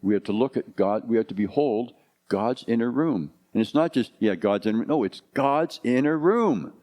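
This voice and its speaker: A low-pitched man in his fifties preaches to his congregation. He talks in a loose, conversational way, turning his points into rhetorical questions. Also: fairly quick, warm tone. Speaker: pastor. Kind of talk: sermon.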